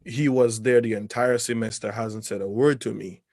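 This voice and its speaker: Measured man, dry close sound. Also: on the low side, steady tone, gravelly, a little mellow, no echo. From Caribbean. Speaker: podcast co-host. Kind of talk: casual chat.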